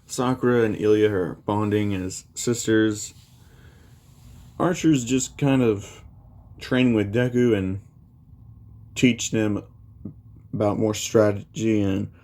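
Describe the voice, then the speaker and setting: A man's voice: fairly low pitch, takes it slowly, pauses often, a little mellow. A man casually retelling a fan story, rambling with many fillers.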